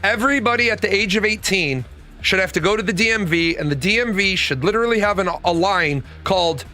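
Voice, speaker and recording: A man's voice: high voice, a little fast, sharp tone, faint music behind. A young man telling a personal story as a rant, swearing and exasperated. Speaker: host.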